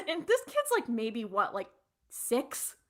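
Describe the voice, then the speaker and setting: A woman's voice: on the high side, wildly swooping pitch, slow pace. A woman podcast co-host, retelling a TV episode in a rambling, casual way with lots of fillers. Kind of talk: casual recap chat.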